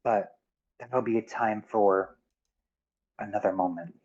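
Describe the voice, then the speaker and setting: A man's voice: lowish voice, slow, darkish tone, slightly rough, lo-fi sound. A man voicing a stern woman captain of the town guard who barks orders.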